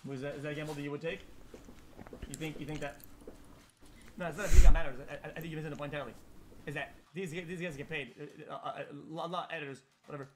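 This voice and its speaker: A man's voice: fairly high pitch, fairly even intonation, rapid-fire, background noise. A man streaming live, reacting to a video in a rambling, casual chat full of repeated words.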